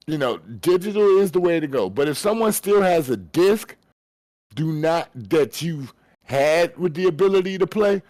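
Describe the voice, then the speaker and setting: A man's voice: fairly high pitch, a little mellow, no echo, clean studio sound. A man co-hosting a casual gaming podcast, blunt and slangy, hammering his points home by repeating them. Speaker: podcast co-host.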